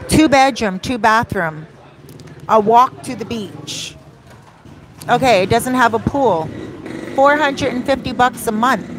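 A woman with a fairly high voice tells a story to her camera in a relaxed, chatty vlog. She speaks outdoors near a beach and keeps the telling lively. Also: slow pace, long pauses, slight background noise. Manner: animated, acts out quoted dialogue. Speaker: vlogger and life coach.

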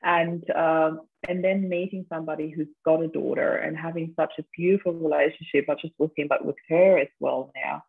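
Woman host, gushing and affirming, husky voice, tinny phone-like line. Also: low voice, steady tone, brisk, few pauses. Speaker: interview host. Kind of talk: supportive interview chat.

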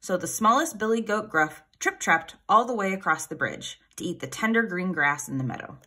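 Woman storyteller, children's tale, lively pitch, bright tone, husky. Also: normal speed. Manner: expressive, animated reading. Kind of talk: reading a children's story aloud.

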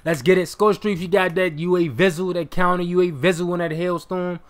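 Young male gamer, live commentary; slightly high voice, excitable, curses and yells at plays. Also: fairly quick, clear, resonant tone. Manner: excitable, swears, bursts into shouts. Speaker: gaming commentator.

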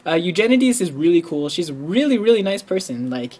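A man giving casual gameplay commentary, rambling and excitable, leaning on "like" constantly. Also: fairly quick. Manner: rambling, excitable, heavy use of "like"; bursts into high squealing when quoting himself.

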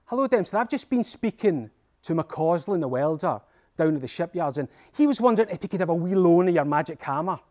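A man's voice: fairly high pitch, animated, a little fast, darkish tone, lightly acted. A man with a Scottish accent voicing an eager, polite young boy on a quest. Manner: eager and cheeky.

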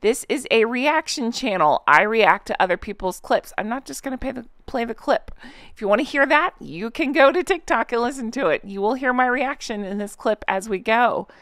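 A woman's voice: fairly high pitch, lively intonation, normal speed, a bit bright, no room sound, studio quality. Chatty woman reaction host. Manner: chatty, giggly, lots of fillers and asides to viewers. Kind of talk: casual reaction commentary.

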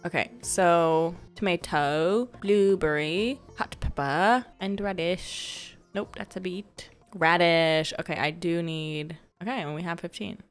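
A woman's voice: fairly low pitch, takes it slowly, few pauses, faint music behind. A young woman chatting casually over a farming game she is playing, rambling and heartfelt as she talks to her viewers. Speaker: gaming video host. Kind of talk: casual gameplay commentary.

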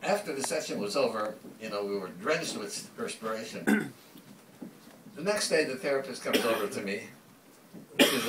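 A man's voice: mid-range voice, sing-song, normal speed, pauses often, recorded from a distance, noisy background. Older man telling a story in an echoey hall. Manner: anecdotal, acts out quoted dialogue. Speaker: speaker. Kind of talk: public talk with storytelling.

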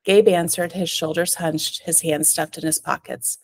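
A woman's voice: moderate pace, gravelly, few pauses, no echo. A woman author, reading her own fiction expressively over a video call from home, then chatting. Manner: expressive reader with sharp rises in pitch on dialogue. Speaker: author and guest. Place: home with a cat.

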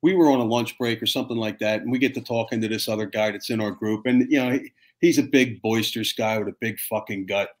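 A man's voice: fairly low pitch, quick pace. Profane storytelling firefighter man. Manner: animated, profane, acts out voices in his stories. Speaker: fire captain guest. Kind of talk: casual storytelling chat.

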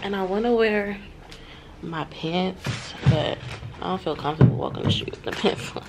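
A woman's voice: fairly low pitch, normal speed, vocal fry, heavy background noise. A woman vlogging from her hotel room, venting to her viewers in a frustrated, swearing, casual way.

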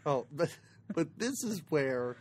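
Husky, lively podcast co-host. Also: medium pitch, takes it slowly. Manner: animated, laughing, playful retelling. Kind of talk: casual movie review chat.

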